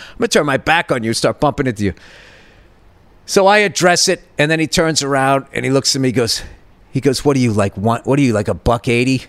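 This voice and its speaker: A man's voice: mid-range voice, fairly bright tone, dry recording. Middle-aged guy rambling and swearing thru a funny story, dry close sound. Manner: profane, rambling storyteller with many restarts. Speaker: podcast host. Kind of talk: rambling comedic monologue.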